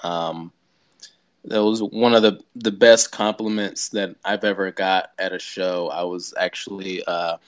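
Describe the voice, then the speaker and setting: Very deep, slow, low-key man. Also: fairly even intonation, no room sound, clean studio sound. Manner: low-key, hesitant, many fillers. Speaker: stand-up comedian, podcast guest. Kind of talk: casual interview chat.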